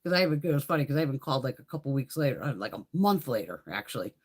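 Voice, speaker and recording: A woman's voice: extremely low pitch, big pitch swings, racing, husky. A woman hosting a casual beauty livestream, telling blunt, profane stories and laughing often as she chats with viewers. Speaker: beauty vlogger hosting a live haul stream. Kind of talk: casual livestream chat and storytelling.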